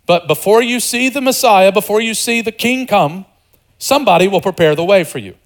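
A pastor preaching a sermon in an animated, conversational way, joking with the congregation and dropping to a hushed voice for quieter passages. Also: male voice, high voice, fairly quick. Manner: animated, swings between loud emphasis and hushed, softer passages.

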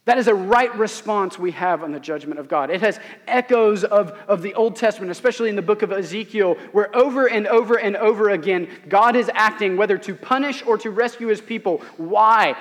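A man's voice: high voice, a little fast, few pauses. A man preaching a sermon to his congregation, earnest and emphatic, often asking rhetorical questions. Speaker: pastor. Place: church sanctuary. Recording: long hall reverb.

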